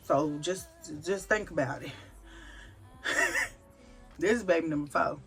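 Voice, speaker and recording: A pregnant woman and mother of a big family, talking to camera about faith in an emphatic, animated, storytelling way. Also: low voice, slow, soft background music. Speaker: vlogger, mother of a large family. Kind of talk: candid faith-filled personal talk to camera.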